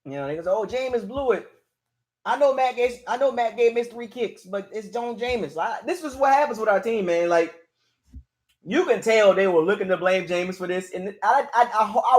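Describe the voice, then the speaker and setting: A man's voice: high voice, expressive, fairly quick. A man hosting his own channel, ranting in frustration as he reacts live to a game. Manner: frustrated, exasperated, repeats "man" and "dog". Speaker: sports fan channel host.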